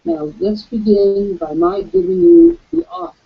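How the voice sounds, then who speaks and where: A man hosting a promotional webcast as an author, pitching an offer in a grand, salesman-like way. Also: very animated, a little slow, vocal fry. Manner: grandiloquent, salesman-like delivery with sweeping pitch swings. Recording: dull lo-fi webcast audio.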